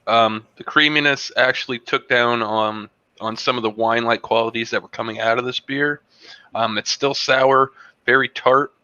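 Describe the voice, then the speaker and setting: A man hosting a casual online tasting show, describing a beer and a cheese in a relaxed, rambling way with plenty of fillers. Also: mid-range voice, normal speed, clean tone, no echo, dull audio. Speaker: host reviewing beer and cheese. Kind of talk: casual tasting review on a video call. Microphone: video call.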